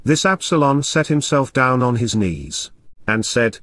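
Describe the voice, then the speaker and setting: A man narrating a classic tale as an audiobook, in a measured storytelling way. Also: medium pitch, expressive, a bit bright.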